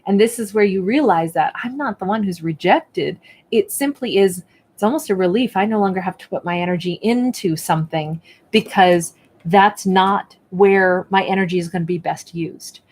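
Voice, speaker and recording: A woman's voice: medium pitch, moderate pace, darkish tone. A woman giving a spoken tarot and oracle card reading at home, talking in a reflective, encouraging way with lots of fillers. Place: indoors at a table with her card decks.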